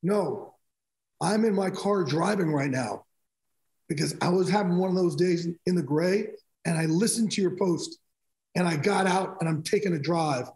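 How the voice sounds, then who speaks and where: A middle-aged sports broadcaster guest with a high voice and moderate pace tells animated stories in a casual interview, acting out conversations in quotes. The recording has an echoey room sound.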